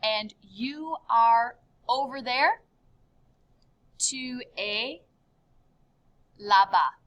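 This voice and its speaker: Woman, French teacher, upbeat and clearly enunciated, higher voice, unhurried delivery. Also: fairly bright tone. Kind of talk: video lesson.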